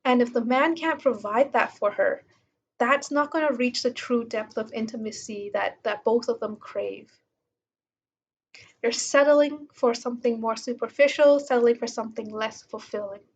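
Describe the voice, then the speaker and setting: Woman with a slightly high voice, reading a book aloud. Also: moderate pace, dull audio, a little hiss or hum. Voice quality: casual, with fillers like um and like. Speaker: book reviewer.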